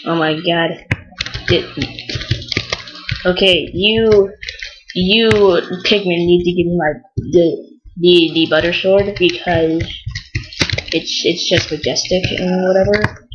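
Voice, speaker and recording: Young female gamer, slow-talking and excitable, noise and clicks under her voice. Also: lowish voice, lo-fi sound. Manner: excitable, exclaims often, frustrated outbursts. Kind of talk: Let's Play commentary.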